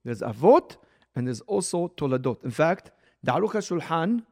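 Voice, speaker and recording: Brief: male teacher, fairly high voice, loose conversational lesson, drops Hebrew terms, restarts often, slows and lifts to stress key words. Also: very animated, vocal fry, a little mellow. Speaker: rabbi teaching a Torah class. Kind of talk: recorded religious lesson.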